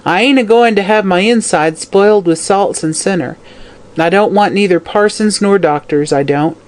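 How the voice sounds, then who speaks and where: A narrator voicing a dying, drunken old slum woman who croaks, snarls and curses. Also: mid-range voice, normal speed, pitched above the performer's own voice, natural voice. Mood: vicious. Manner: snarling, cursing, whining. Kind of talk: audiobook character voice.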